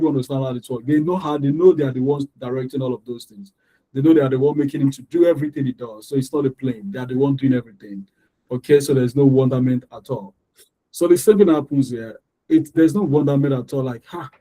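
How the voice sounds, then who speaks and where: A man teaching an English lesson, explaining word stress and repeating example words slowly to show the rhythm. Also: mid-range voice, dark tone, poor audio. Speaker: English tutor. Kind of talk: online lesson.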